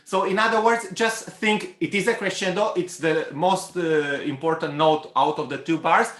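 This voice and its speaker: A man's voice: a little high, normal speed, a bit bright. Cello teacher man in a roomy hall. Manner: hesitant, many fillers, sings phrases aloud. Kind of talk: masterclass coaching. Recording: roomy hall with instrument music.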